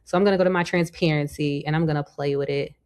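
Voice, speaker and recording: A woman's voice: low-pitched, fairly even intonation, quick pace, a little mellow. A woman hosting a casual design tutorial, chatting through each step as she works at her computer. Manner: chatty, talks through each step with many "you know" and "like". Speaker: tutorial host. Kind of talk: casual screen-recorded software tutorial.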